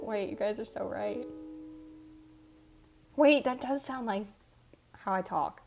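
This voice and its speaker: A woman's voice: mid-range voice, slow pace, vocal fry, a little mellow. An American woman with a Michigan accent, chatting casually on a livestream and answering her chat in a chatty, self-teasing way. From United States. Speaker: streamer. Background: faint background music.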